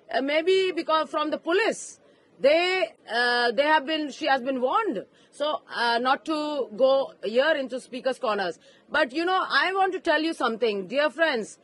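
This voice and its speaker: Brief: female street preacher, high voice, impassioned, outdoor park, handheld mic. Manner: fervent, rising to emphatic shouts.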